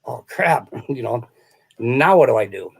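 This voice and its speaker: Male interview guest, rambling storyteller, laughs often, mid pitch. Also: lively intonation, a little slow, gravelly, slightly rough. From small-town American Midwest. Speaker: guest, sales author. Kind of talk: casual interview chat.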